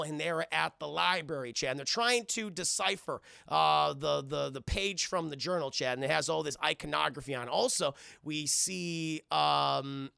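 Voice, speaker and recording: Gravelly, high-voiced streamer. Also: male voice, bright, forceful tone, no room sound, clean studio sound. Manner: profane, rambling, talks to chat. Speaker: streamer and cartoon reviewer. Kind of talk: casual livestream recap.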